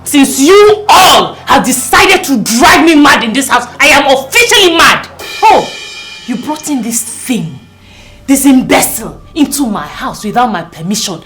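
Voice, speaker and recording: An actress with a Nigerian accent playing a furious newlywed wife who shouts indignantly in her own house. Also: high voice. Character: furious newlywed woman defending her home.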